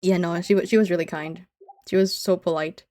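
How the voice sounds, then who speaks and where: A woman's voice: fairly low pitch, fairly even intonation, fairly quick, a little mellow. A woman streamer chatting casually with her viewers in a teasing, giggly way, often saying she's only kidding.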